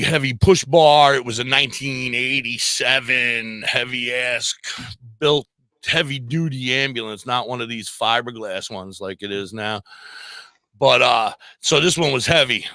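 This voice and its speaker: A man guest on a podcast telling a story in a casual, animated way, acting out the voices of the people in it. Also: medium pitch, a little slow, no room sound. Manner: animated storyteller who acts out quoted voices. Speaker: volunteer fire police.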